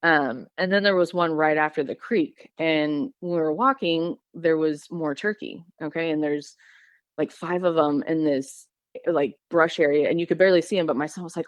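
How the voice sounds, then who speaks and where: A woman's voice: low-pitched, moderate pace, dry recording. Woman, from Missouri, podcast guest, rambling storyteller, lots of ums and restarts, dry close recording. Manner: rambling, with many fillers and restarts. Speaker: podcast guest telling an encounter. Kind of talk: casual storytelling.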